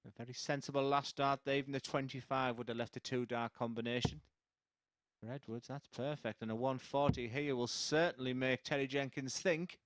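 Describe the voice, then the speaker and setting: A man's voice: medium pitch, fairly even intonation, normal speed, no room sound. A man giving live darts commentary, chatty and opinionated, teasing his co-commentator from the commentary box.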